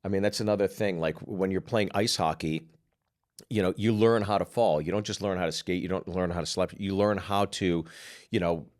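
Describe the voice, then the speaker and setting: A man co-hosting a podcast, with a fairly low voice. He talks in a loose, easygoing way, drifting into asides as he tells his stories. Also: normal speed. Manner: relaxed, with many fillers and asides. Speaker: podcast co-host. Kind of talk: casual storytelling chat.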